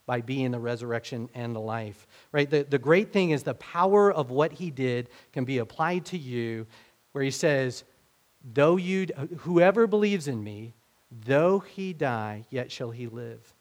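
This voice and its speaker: A man's voice: mid-range voice, animated, unhurried. Conversational man preaching a sermon. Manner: conversational, acts out quoted speech with rising emphasis. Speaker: pastor.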